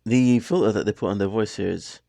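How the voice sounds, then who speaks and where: A man with a lowish, creaky, mellow voice talks briskly, with no room sound at all. He's hosting a reaction video, chatting and rambling through the music and constantly cutting himself off mid-thought.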